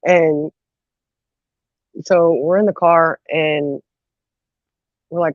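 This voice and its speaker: Lively woman telling family stories. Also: deep voice, very slow, no room sound. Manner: animated, laughs often, acts out quotes. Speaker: host. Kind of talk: casual storytelling chat. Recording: dull lo-fi audio.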